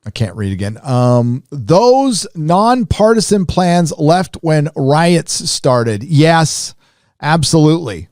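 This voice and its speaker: A man hosting a live stream, rambling casually with lots of fillers and restarts, his voice rising when animated. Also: on the high side, takes it slowly, dry recording, clean studio sound. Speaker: live show host.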